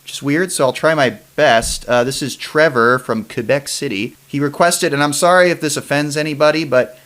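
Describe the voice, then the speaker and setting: A man's voice: on the high side, fairly bright tone. Rambling podcast host, a man. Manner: rambling, quick restarts and trailing off. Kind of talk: casual chat.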